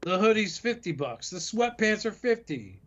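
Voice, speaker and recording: A man's voice: sits high, sing-song, moderate pace, fairly bright tone. A man hosting a podcast, ranting sarcastically and swearing constantly in casual banter. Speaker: podcast host. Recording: slightly muffled lo-fi audio.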